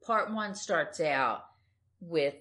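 Casting note: woman with a very low voice, easygoing co-host, musing and rambling. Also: lively intonation, drawn-out words, fairly bright tone. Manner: thoughtful, rambling, with hedging fillers. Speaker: podcast co-host. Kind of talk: casual comic book discussion.

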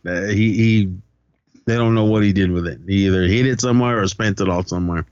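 A man's voice: fairly low pitch, steady tone, a little fast, darkish tone, clean tone, no room sound, lo-fi sound. A man co-hosting a podcast, loosely retelling a film's plot and acting out the characters' lines. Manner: loose storytelling, acts out quotes, profane. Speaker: podcast co-host. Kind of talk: casual movie recap.

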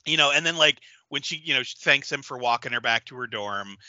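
A man brainstorming a story in casual chat, talking in halting, filler-heavy bursts. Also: medium pitch, dry recording. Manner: lively, halting, many fillers. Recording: dull lo-fi sound.

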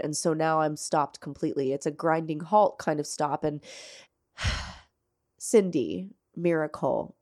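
A woman hosting her own faith podcast, speaking earnestly and through tears, often halting and restarting her sentences. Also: on the low side, darkish tone. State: tearful. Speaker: podcast host. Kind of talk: emotional faith podcast monologue.

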